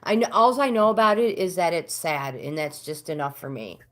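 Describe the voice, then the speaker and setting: Middle-aged American woman, livestream host, low-pitched, casual chatter with viewers. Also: normal speed. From United States. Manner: chatty, talks back to comments, pitch swings up when animated.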